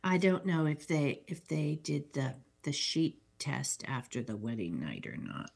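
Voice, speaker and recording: A woman's voice: deep voice, very animated, unhurried, creaky, a little mellow, slightly rough. Woman co-host walking through a film plot. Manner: narrates plot scene by scene, dry asides. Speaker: podcast co-host. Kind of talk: casual chat recapping a film.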